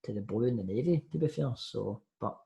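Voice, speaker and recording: A man's voice: medium pitch, expressive, brisk, vocal fry, dark tone. A young man with a Scottish accent, chatting as a podcast guest over a video call in a laid-back, hesitant way. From Scotland. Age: young adult. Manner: laid-back, hesitant, says mate a lot. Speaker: guest footballer.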